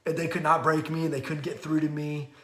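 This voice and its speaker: A middle-aged man talks about parenting in a loose, rambling way, slipping into quick acted-out quotes. His voice sits a little high for a man. The room around him rings with echo. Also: level tone, sharp tone. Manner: rambling, candid, acts out quotes with laughs. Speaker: podcast host and parenting author. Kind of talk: casual rambling talk. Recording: echoey room.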